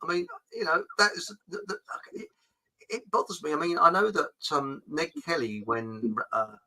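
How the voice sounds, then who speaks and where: A man's voice: on the high side, normal speed, pushed and bright, poor audio. An English man hosting a casual chat show, rambling and chuckling with frequent restarts. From England. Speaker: host.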